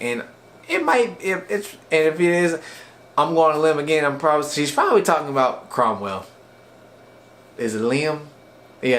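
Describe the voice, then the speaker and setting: A man's voice: medium pitch, fairly bright tone. A man giving a casual, rambling recap of an anime episode for a review video, with frequent restarts and fillers.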